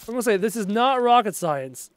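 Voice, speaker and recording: A man's voice: sits high, expressive, a little fast. A young man from Canada chatting casually while streaming a game live, reading his chat aloud and answering it.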